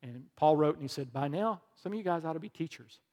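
A man's voice: fairly high pitch, lively intonation, fast talker, darkish tone, in a large hall. A middle-aged male pastor preaching a conversational sermon, telling a personal story and leading a closing prayer.

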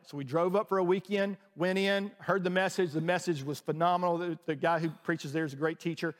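Guy pastor telling stories in a sermon, kinda high voice, big hall reverb. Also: steady tone, brisk, hardly any pauses. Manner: storytelling, conversational, many restarts.

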